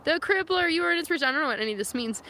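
High-pitched, animated and rapid-fire, this young woman's voice sounds pushed and bright. She's a San Francisco vlogger live-streaming in the wilderness, casually reading her chat aloud. Her phone camera records faint noise from outdoors.

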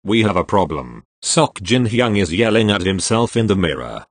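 Goofy man with a lively voice. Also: fairly low pitch, normal speed, hardly any pauses, a little hiss or hum. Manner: goofy, jokey and self-mocking. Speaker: video creator. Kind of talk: comic narration reading made-up posts.

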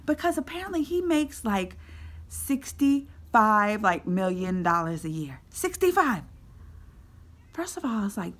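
A woman vlogger telling a story with lively energy, swinging between excited shouts and whispered asides and acting out her own lines in quotes. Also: medium pitch, unhurried. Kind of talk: animated reaction storytelling.

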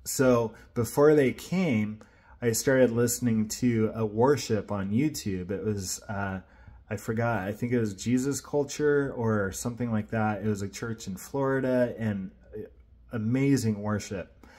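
A man's voice: on the low side, measured pace, darkish tone. A man sharing an earnest personal faith testimony, retelling events in a casual, rambling way.

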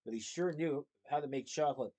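A man's voice: on the high side, a little fast, mellow, natural voice. A man voicing a bossy, scornful male cartel boss who bellows in a storybook reading.

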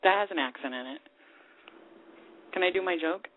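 A woman hosting a casual call-in talk radio show, chatty and quick to laugh as she coaxes callers. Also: on the low side. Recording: tinny phone line with faint hiss.

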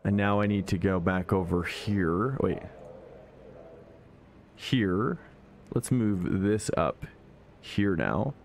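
A man's voice: sits low, takes it slowly, vocal fry, long pauses, slight background noise. Chatty man streaming sim racing. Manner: chatty, thinks aloud, talks to chat. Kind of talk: casual live-stream chatter.

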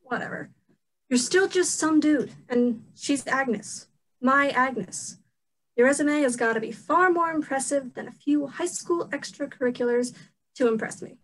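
A woman's voice: high voice, unhurried, rough recording. A young woman playing a protective, blunt teenage girl on stage, scolding sharply. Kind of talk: stage play acting.

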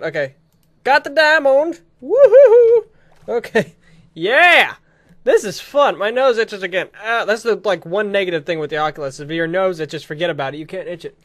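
A young man giving excited let's-play commentary, giggly and bursting into shrieks and laughter. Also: sits high, moderate pace, long pauses. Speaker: gaming video creator.

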